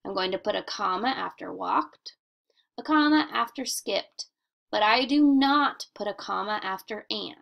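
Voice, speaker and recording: A woman teacher giving a recorded grammar lesson for children in a slow, deliberate, sing-song classroom manner with emphatic questions. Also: mid-range voice, vocal fry, lo-fi sound.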